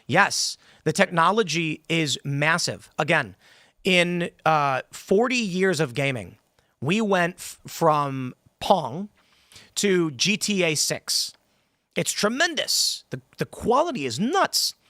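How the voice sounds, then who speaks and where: A man's voice: fairly high pitch, sing-song, sharp tone, no room sound, clean studio sound. Pushy, argumentative male talk-show host. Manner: pushy, argumentative, quick to interrupt. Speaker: podcast host. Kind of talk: casual political talk-show debate. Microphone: studio microphone.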